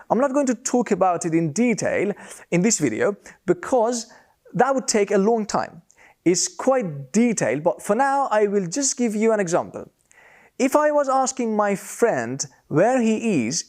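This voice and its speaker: A man's voice: high-pitched, darkish tone. A man teaching British English pronunciation, speaking carefully and repeating example words to demonstrate sounds. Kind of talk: scripted lesson to camera.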